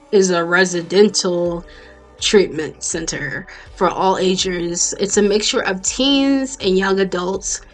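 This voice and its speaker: A woman's voice: mid-range voice, fairly bright tone. A woman with an American accent, chatting casually and bluntly as she recaps a TV show, swearing freely and drifting into tangents. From Jamaican family, raised in the US. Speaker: YouTuber reviewing a TV series. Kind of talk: casual commentary vlog.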